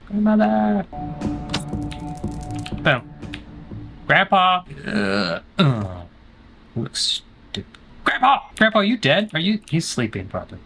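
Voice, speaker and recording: A man's voice: fairly high pitch, gravelly. A man streaming a horror game, joking and talking back to the game's characters in playful commentary.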